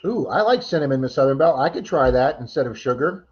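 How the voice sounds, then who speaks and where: On a casual livestream, a man talks fast with lively intonation in a mid-range voice, reading comments, thanking viewers by name and laughing freely. The sound quality is lo-fi.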